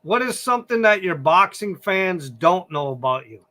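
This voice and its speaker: A man's voice: high-pitched, very animated, moderate pace, pushed and bright. A man hosting a boxing podcast, reading out numbered questions to his guest. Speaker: podcast host. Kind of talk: interview questions.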